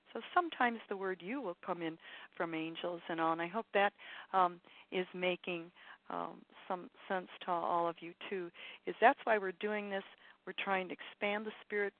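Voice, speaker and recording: A woman's voice: fairly low pitch, no echo. A woman spiritual teacher giving an encouraging, rambling talk on a call-in show, repeating her points with many fillers. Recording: tinny phone line, dry.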